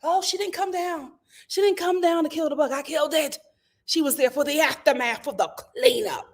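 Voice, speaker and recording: A woman's voice: high voice, moderate pace. A woman hosting a casual live stream, reading out viewer comments and making dramatic, laughing outbursts. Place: home.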